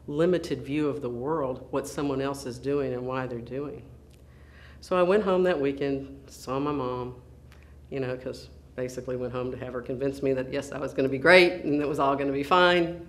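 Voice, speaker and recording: Brief: educator telling her own story onstage, earnest, deliberate pauses. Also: a bass voice. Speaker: school principal giving a talk. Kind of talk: personal storytelling talk.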